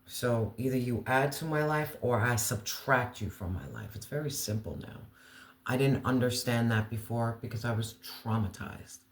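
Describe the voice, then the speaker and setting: A man giving an earnest, emotional tarot reading, slowing down to stress key words. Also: mid-range voice, reverberant. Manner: earnest, emotional, slow deliberate emphasis. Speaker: tarot reader.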